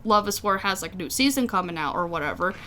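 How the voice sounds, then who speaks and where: A young woman co-hosting a relaxed chat podcast. Her voice is bright and lively, and she rambles through her points with plenty of fillers, often teasing her co-host. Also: on the low side, quick pace, a little hiss or hum. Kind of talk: casual chat.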